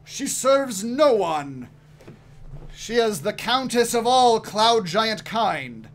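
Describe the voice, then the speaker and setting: A man voicing a huge, arrogant male cloud giant who speaks slowly and loudly. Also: sits high, big pitch swings, faint music behind, pitched above the performer's own voice, full character voice. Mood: defiant.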